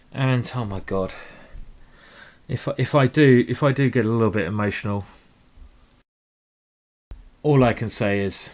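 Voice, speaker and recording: A man commentating live blitz chess games, rambling and emotional with tipsy asides. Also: mid-range voice. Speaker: chess streamer.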